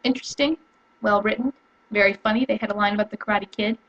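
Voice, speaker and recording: A young woman chatting casually to camera at home, rambling and excitable, with lots of fillers and restarts. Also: medium pitch, quick pace, muffled recording. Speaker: vlogger. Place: home room.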